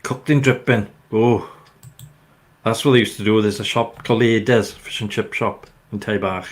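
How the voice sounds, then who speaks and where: A man's voice: on the low side, steady tone, normal speed. An older man with a Welsh accent, hosting a casual chat and telling rambling, jokey stories. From Wales. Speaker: host.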